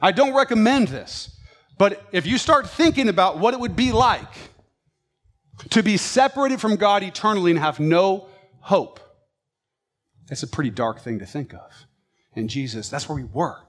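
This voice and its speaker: A man preaching a sermon with passion, swinging between loud, emphatic lines and quiet, low ones. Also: expressive, normal speed, long pauses.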